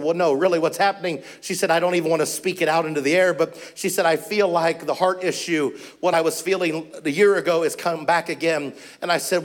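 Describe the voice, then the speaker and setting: A male missionary preacher telling a testimony from the pulpit. His voice sits a little higher than most men's, and he pushes into urgent, rising exclamations as the story builds. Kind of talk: storytelling sermon.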